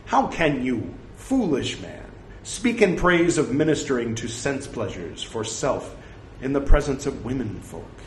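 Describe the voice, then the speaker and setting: A man reading the lines of a stern male teacher who rebukes a monk, in a slow scripture recital. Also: mid-range voice, sing-song. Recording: echoey room with faint hiss.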